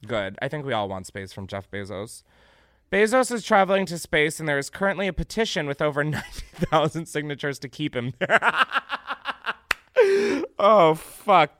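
A man hosting a comedic podcast, reacting loudly to what he reads, swearing freely and laughing often. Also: mid-range voice, no echo, clean studio sound. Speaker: podcast host.

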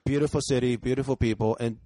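Male comedian guest, relaxed podcast chat, dry close mic. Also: mid-range voice, fast, dry recording. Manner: easygoing, frequent agreeing "yeah". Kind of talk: casual chat.

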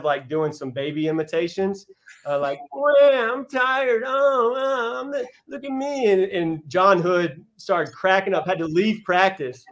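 A man's voice: fairly high pitch, poor audio. Earnest young man telling stories. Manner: earnest, heartfelt, with halting restarts. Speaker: college basketball coach, guest. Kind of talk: casual podcast storytelling.

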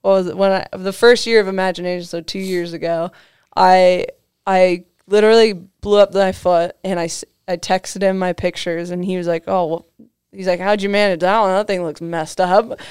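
A woman's voice: lowish voice, steady tone, normal speed, darkish tone, clean tone, no room sound, clean studio sound. A young woman, a guest on a podcast, chatting casually and telling stories, with lots of "like" fillers and frequent laughs. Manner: storytelling, heavy use of "like" fillers, laughs often. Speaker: podcast guest, motocross racer. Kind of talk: casual chat.

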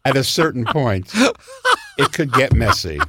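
An older man, a comedy writer, telling show-business anecdotes in casual conversation and jumping into high voices when he quotes people. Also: animated, unhurried, very noisy.

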